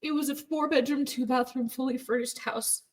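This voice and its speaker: A woman's voice: sits high, steady tone, normal speed. A woman telling her personal story in an emphatic, emotional way, recounting hard years with the odd laugh. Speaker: former Jehovah's Witness telling her story.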